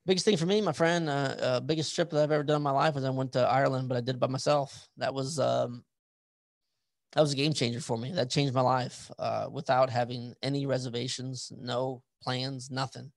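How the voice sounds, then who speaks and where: A man's voice: medium pitch, steady tone, a little fast, creaky, no room sound. A man hosting a podcast, chatting casually about his own life, rambling and repeating words as he thinks aloud. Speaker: podcast host and author. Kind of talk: casual interview chat.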